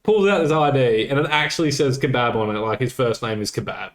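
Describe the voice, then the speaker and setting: A man co-hosting a podcast, retelling a night out in a loose, swearing, animated way with quoted dialogue. His voice sits at an ordinary middle pitch. The room around him rings with a noticeable echo. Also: brisk. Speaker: podcast co-host. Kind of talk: casual storytelling chat. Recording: roomy echo.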